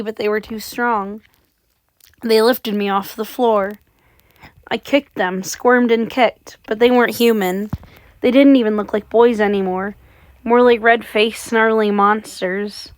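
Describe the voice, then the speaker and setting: A woman's voice: a little high, steady tone, unhurried, no room sound. A woman reading a horror story aloud with dramatic, suspenseful narration. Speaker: audiobook reader.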